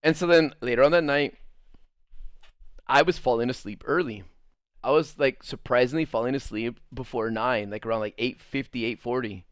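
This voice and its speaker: A man's voice: medium pitch, normal speed, smooth, no echo, clean studio sound. A young man casually telling a funny story, laughing often and acting out what others said. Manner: animated, laughing often, quoting others in acted voices.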